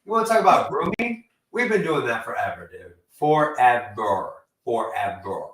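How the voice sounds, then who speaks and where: A man's voice: high-pitched, wildly swooping pitch, quick pace, a bit bright, distant mic. A foul-mouthed man rambles through a casual wrestling chat and swears constantly as he goes. He sounds set back from the mic, and his voice carries in a roomy space. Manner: profane, rambling, mocks people in put-on voices. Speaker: podcast co-host.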